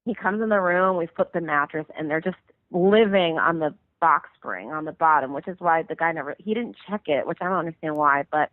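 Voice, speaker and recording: A woman's voice: deep voice, dry recording. A woman in her thirties, a musician guest, telling a long story casually over the phone, full of "like" and fillers. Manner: rambling, filler-heavy, lots of "like". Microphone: phone call. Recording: tinny phone line, dry.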